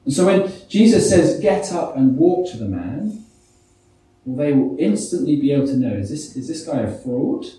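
A man's voice: medium pitch, sing-song, normal speed, warm tone. A man preaching a sermon, reading scripture and putting many rhetorical questions to the congregation. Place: church. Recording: echoey church hall, mic from a distance.

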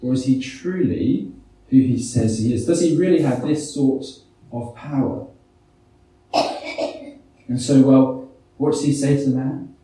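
A man's voice: mid-range voice, unhurried, pauses often, mellow. A man preaching a sermon, reading scripture and putting many rhetorical questions to the congregation. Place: church. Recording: echoey church hall, mic from a distance.

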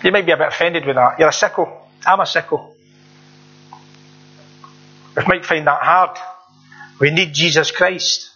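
Brief: earnest male preacher, high and bright voice, plain repetitive delivery, dull lo-fi recording. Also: moderate pace, pauses often, slightly rough. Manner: earnest, repetitive, conversational preaching with rhetorical questions. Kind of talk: sermon.

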